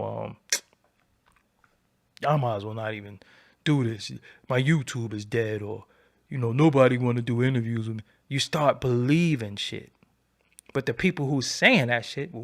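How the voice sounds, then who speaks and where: Profane animated man ranting on a livestream. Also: moderate pace, creaky. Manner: profane, animated preaching with repeated phrases; swoops between low mutter and loud high bursts. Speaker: livestream host. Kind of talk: unscripted livestream rant.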